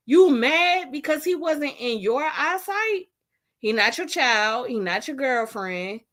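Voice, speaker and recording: A young woman giving animated, incredulous casual commentary in a vlog, often laughing. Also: high-pitched, takes it slowly. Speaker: vlogger.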